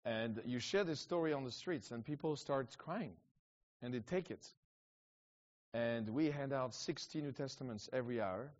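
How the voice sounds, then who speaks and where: A middle-aged man tells stories in a rambling, animated way, with many restarts and quick asides. His pitch sits in the middle of the male range. The recording sounds a little dull and muffled. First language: French. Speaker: evangelist guest. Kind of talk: casual storytelling talk.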